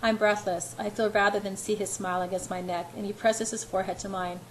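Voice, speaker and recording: A woman's voice: mid-range voice, fairly even intonation, a little fast, few pauses, slight background noise, low-quality recording. A woman narrating an amateur audiobook in the first person, earnest, with occasional stumbles.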